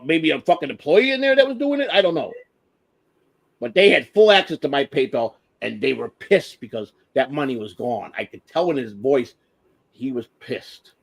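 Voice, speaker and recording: A man's voice: medium pitch, gravelly. An older man in casual chat on a live stream, talking in an emotional, profane and self-deprecating way. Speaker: stream host.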